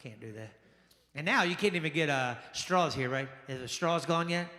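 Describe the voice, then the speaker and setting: A male stand-up comedian performing a lively set, exclaiming and acting out the people in his stories. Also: fairly high pitch, normal speed. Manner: animated, exclamatory, acts out quoted people. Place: jazz lounge stage. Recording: echoey lounge with long reverb.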